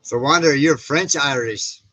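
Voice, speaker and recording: A man hosts a casual livestream with a bright, forceful voice. He rambles with plenty of fillers and restarts, reading chat comments and greeting viewers by name. His tone stays friendly and informal throughout. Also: on the high side, a little slow, no echo, poor audio. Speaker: livestream host. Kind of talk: casual live-stream chat.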